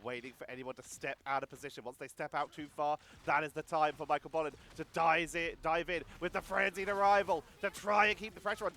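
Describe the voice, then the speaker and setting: A man casting a competitive video game match live, giving rapid play-by-play and chatting about viewer comments. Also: on the high side. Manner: rapid excited play-by-play, talks to chat. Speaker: esports caster.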